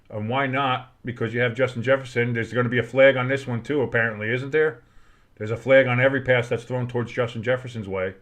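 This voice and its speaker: A man from America calling a football game live for a stream, chatting with viewers between plays, blunt and swearing, breaking into loud excitement at times. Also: medium pitch. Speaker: play-by-play streamer. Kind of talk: casual live play-by-play and reaction.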